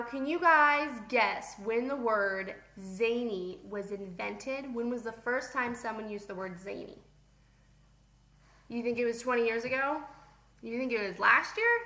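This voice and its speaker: Chatting with an imaginary class, a young female teacher leads a vocabulary lesson in a playful, lively way. She speaks in a bright, high voice, slow and deliberate, and the room has an echoey classroom sound.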